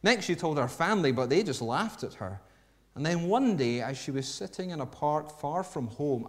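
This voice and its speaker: A man preaching a sermon in a mid-range voice, reading a story aloud. His delivery is expressive, dropping to a hush and then rising to emphasis. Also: mid-range voice. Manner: expressive storytelling, swinging between hushed and emphatic.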